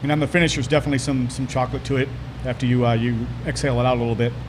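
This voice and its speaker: Relaxed man over audible background noise. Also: medium pitch, rapid-fire. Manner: relaxed, descriptive, teasing. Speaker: podcast co-host. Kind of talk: casual chat.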